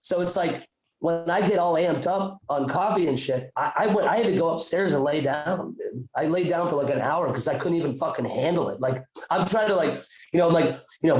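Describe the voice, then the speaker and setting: A man's voice: a little high, fairly quick, a little mellow, echoey room, rough recording. A man telling a story on a podcast in a casual, profane, rambling way with many restarts. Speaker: podcast co-host.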